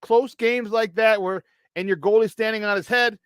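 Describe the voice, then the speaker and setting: A man co-hosting a casual sports talk show, animated and quick to laugh, talking with hype-man energy. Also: high-pitched, smooth, dry recording. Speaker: sports radio co-host.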